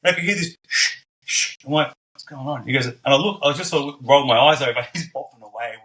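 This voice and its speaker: A man's voice: medium pitch, quick pace. A man, a podcast guest, telling stories casually and acting out the voices of the people in them. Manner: animated, acts out quoted voices. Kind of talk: casual storytelling.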